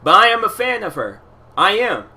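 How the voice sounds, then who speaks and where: A man's voice: sits high, big pitch swings, moderate pace, vocal fry, pushed and bright. A man talking alone in a loose, rambling way, retelling a movie and giving his opinions, full of fillers, repeats and casual slang. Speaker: solo podcast host.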